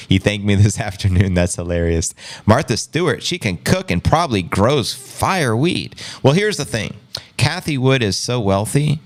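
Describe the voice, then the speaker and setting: A man hosting a casual livestream, reading viewer comments aloud with playful, joking banter and frequent laughs. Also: on the low side. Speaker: host.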